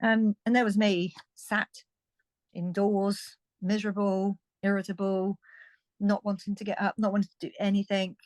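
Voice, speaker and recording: A woman's voice: mid-range voice, level tone, moderate pace, a little mellow, dry recording. A British woman in her fifties, a guest telling her story in a frank, chatty way, often restarting and laughing lightly. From United Kingdom. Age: 50s. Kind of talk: candid conversational storytelling.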